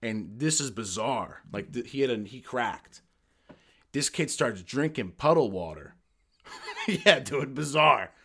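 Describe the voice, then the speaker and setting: Profane, animated army veteran man. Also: medium pitch, slow pace, slightly rough. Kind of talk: casual podcast chat.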